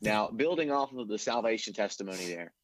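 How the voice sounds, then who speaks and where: A man hosting an interview, asking questions in a measured, affirming way. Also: lowish voice, animated, no echo. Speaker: host, interviewer. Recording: dull, muffled sound.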